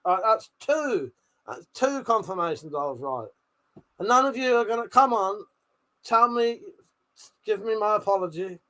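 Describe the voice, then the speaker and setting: A man's voice: high voice, expressive, measured pace, bright, forceful tone. An English man hosting a live stream in casual chat, swearing often and gloating at his viewers. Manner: swears a lot, mocking and gloating. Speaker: livestream host.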